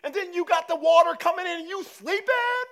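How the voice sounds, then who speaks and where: A frantic disciple shouts in panic above a storm, as a preacher puts him on, his voice jumping very high and loud. He talks in quick, breathless slang. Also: vocal fry, heavily acted. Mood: panicked.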